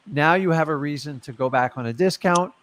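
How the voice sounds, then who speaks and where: A man hosting a casual real estate coaching chat, talking emphatically and pushing his points with sudden bursts of loudness. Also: a little high, fairly quick. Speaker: real estate investor and show host.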